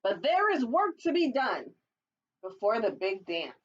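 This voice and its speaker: A woman children's librarian reading a picture book aloud for storytime, with playful, chatty asides to young listeners and squeaky animal calls. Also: sing-song, unhurried, dull audio.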